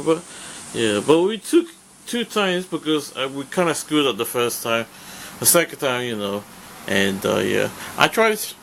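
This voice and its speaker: A man's voice: medium pitch, gravelly, fairly bright tone, a little hiss or hum. A man rambling through a casual vlog, full of fillers and restarts, swearing when annoyed. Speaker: vlogger.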